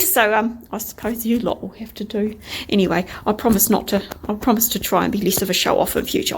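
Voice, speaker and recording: A young woman with a New Zealand accent strolls through her garden for a vlog, chatting with bubbly enthusiasm and dropping soft asides along the way. Her voice is a little high and a little fast, captured in a dry recording. It's a casual, chatty walking tour of the garden outdoors.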